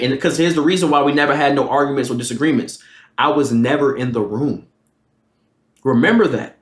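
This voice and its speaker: Animated man telling a profane story. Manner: animated, profane, jumps high for quoted lines. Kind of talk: casual storytime. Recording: roomy echo.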